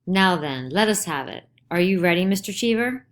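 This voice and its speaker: A woman's voice: on the low side, animated, normal speed, voice pushed up, natural voice. A woman voicing a stern older male judge who questions urgently and insistently in a dramatized play reading. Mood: pressing.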